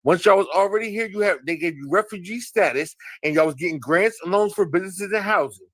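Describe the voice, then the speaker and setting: A man's voice: high-pitched, fast talker, fairly bright tone, no echo. A man speaking bluntly on a live stream, with "um" and "uh" between his points. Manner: blunt, with filler "um" and "uh" and small restarts. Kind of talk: heated talk on a live stream.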